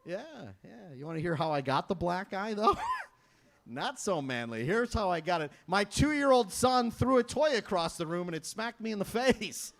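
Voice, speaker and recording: Animated self-mocking comedian man. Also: sits high, normal speed, creaky. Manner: self-deprecating, animated, jumps into loud voices for quoted people. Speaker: stand-up comedian. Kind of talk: stand-up comedy set.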